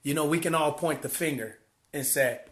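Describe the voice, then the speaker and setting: A man sharing a personal testimony in a vlog, an animated, preacherly storyteller who repeats phrases for emphasis. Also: on the high side, normal speed, slight background noise. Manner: preacherly, heartfelt. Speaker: church volunteer sharing his story.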